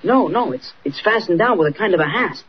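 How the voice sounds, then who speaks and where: An actor playing an earnest, boyish young newspaper helper in 1940s radio acting style. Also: male voice, high-pitched, lively intonation, fairly quick, breathy edge, exaggerated voice. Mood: eager. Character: eager teenage newspaper boy, Jimmy Olsen. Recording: dull, faintly noisy old radio recording.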